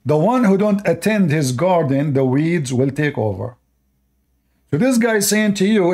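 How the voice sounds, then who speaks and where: A man with a somewhat high voice delivers preachy reaction commentary, indignant and scolding. He speaks English with non-native grammar and keeps asking his listeners whether they agree. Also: sing-song, moderate pace, a little mellow. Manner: indignant, preachy, asks the audience rhetorical questions. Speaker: online religious commentator.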